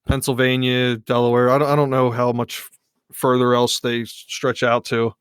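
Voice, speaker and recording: A man's voice: medium pitch, monotone, normal speed, clean tone, no room sound. A man with a Philadelphia accent chats casually as a podcast guest, rambling and restarting his sentences as he goes. His voice sits in a middle range and sounds dry and close to the mic. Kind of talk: casual chat.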